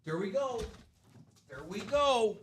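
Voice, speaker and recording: A man's voice: high voice, expressive, takes it slowly, background noise. A man hosting a live card-break stream, upbeat and chatty in a casual way.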